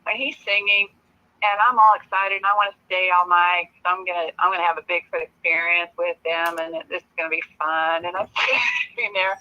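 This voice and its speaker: A woman guest telling a personal story in a casual, lively way, laughing often as she talks. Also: lowish voice, fairly quick, dull audio.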